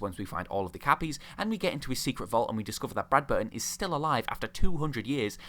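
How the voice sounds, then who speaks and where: A man's voice: medium pitch, fairly bright tone. A young man giving sarcastic, ranting commentary on a video game, mocking the characters he talks about. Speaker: video host.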